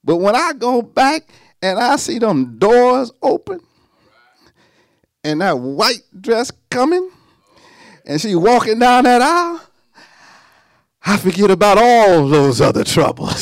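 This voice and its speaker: A man preaching a sermon, animated, with sung lines and sudden drops to a hush. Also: very high-pitched, slow pace, pauses often, dry recording, clean studio sound.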